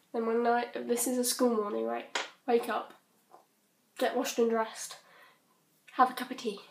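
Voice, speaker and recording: A British teenage girl rambling casually in her bedroom, scattered and quick to giggle. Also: on the high side, creaky, a little hiss or hum. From Britain. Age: teens. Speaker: vlogger. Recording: roomy bedroom echo.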